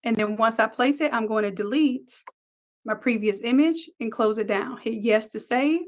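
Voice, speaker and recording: A woman teaching a design software tutorial, upbeat, talking through each click step by step. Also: on the high side, moderate pace, dull audio. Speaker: design instructor. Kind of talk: screen-recorded software tutorial.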